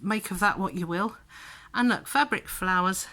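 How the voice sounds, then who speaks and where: A middle-aged woman talks through a home vlog. Her voice is bright and clear, and she rambles warmly with lots of ums and restarts. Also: mid-range voice, moderate pace, slight background noise. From southern England. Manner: chatty, rambling, with many fillers and restarts. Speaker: vlogger. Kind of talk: casual vlog chat.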